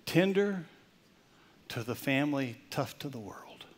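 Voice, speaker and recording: An older male pastor preaching a Father's Day sermon, swinging from loud, emphatic points to soft, near-whispered storytelling. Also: mid-range voice, lively intonation, measured pace, a little hiss or hum.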